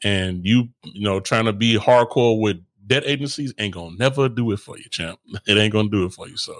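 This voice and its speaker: Low-voiced man in laid-back chat. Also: brisk. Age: adult with kids. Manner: laughing, rambling and frank with slang. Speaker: podcast co-host. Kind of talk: casual chat.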